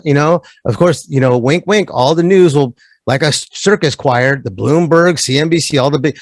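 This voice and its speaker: Animated man with a dry, close voice. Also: a little high, a little fast, no room sound. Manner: animated, slips into mocking voices of others. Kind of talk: casual podcast conversation.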